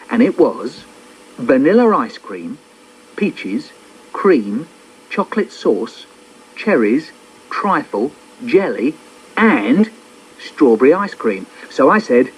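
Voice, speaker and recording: A man's voice: mid-range voice, lively intonation, unhurried, husky. A man performing his own children's poems in a playful, theatrical way, slipping into little character voices. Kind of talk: performed poetry reading for children. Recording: dull old cassette copy.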